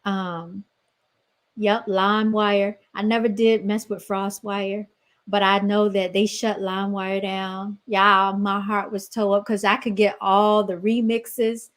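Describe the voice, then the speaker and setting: A woman's voice: medium pitch, level tone, takes it slowly. A woman in her thirties hosting a podcast, chatting casually and telling stories straight to her listeners. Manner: chatty storytelling, keeps addressing listeners as y'all. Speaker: podcast host.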